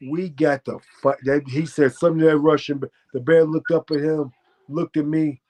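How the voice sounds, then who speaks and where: A man's voice: a little high, fairly even intonation, moderate pace. Profane American man telling a wild story. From United States. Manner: profane, boastful, jumps into loud shouted quotes. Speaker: guest, former fighter telling a story. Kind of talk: animated storytelling.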